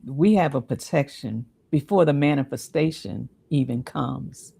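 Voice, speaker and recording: A woman's voice: a bass voice, unhurried, creaky, breathy edge. A woman co-hosting a devotional chat, answering with short affirmations and closing with words of encouragement. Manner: warm affirming responses, closes the show with encouragement. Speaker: co-host.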